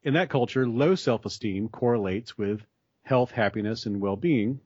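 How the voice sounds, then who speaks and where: A man's voice: mid-range voice, normal speed, a little mellow, breathy edge, dry recording. A man in a conversation, explaining ideas at length in a thoughtful way with frequent restarts. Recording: dry, slightly dull sound.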